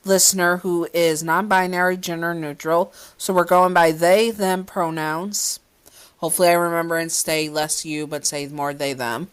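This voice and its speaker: Low-voiced woman reading a fan story. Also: clear, resonant tone. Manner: chatty, breaks off to comment and correct herself. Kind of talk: casual amateur story reading.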